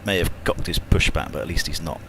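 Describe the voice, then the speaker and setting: A man's voice: low voice, steady tone, fast, creaky, noisy background. A British man, an airline pilot, chatting and joking casually over voice chat while running checklists aloud, with mild swearing. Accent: British English. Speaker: airline pilot streaming a flight simulator.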